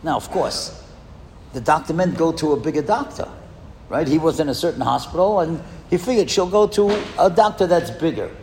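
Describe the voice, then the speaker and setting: A man giving a storytelling speech in a school hall, lively and asking the audience questions. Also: on the high side, moderate pace, a little hiss or hum. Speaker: speaker addressing a school audience. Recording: echoey hall with long reverb.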